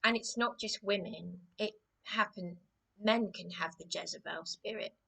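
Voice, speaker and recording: A woman from England rambling aggrievedly in a personal vlog, repeating herself with many restarts, her voice a little hoarse. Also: mid-range voice, unhurried, sharp tone. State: voice a bit hoarse. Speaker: vlogger.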